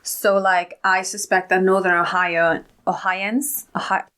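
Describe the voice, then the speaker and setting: A woman's voice: fairly low pitch, level tone, sharp tone, clean tone. A woman co-hosting a casual podcast, offering theories and short chatty interjections. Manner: speculative, chatty, quick interjections. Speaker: podcast co-host.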